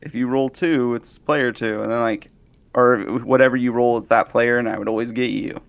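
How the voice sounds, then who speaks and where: A man's voice: medium pitch, fairly even intonation, moderate pace, vocal fry, clean tone, muffled recording. A man co-hosting a casual podcast, joking, laughing often and mimicking people in quotes. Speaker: podcast co-host. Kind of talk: casual chat.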